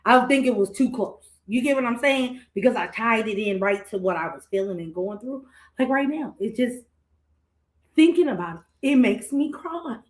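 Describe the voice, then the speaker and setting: A woman co-hosting a podcast, telling stories in casual chat with quick, emotional asides. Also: a little high. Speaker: podcast co-host. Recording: echoey room.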